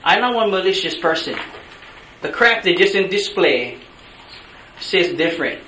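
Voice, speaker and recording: A man with a Hawaiian Pidgin lilt delivers angry, blunt public testimony at a meeting. His voice is bright and edgy and sits a little high. The recording carries the echo of a big meeting room and a faint hiss. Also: big pitch swings, a little slow. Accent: Hawaiian Pidgin-tinged English.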